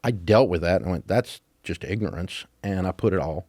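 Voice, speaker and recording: A man in his sixties with a Southern American accent, spinning folksy stories with an easy chuckle. His voice sits a bit low. The sound is dry and close, with no room echo. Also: moderate pace, darkish tone, slightly rough. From Deep South of the US. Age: 60s. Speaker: guest. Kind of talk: casual interview conversation. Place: office at his headquarters.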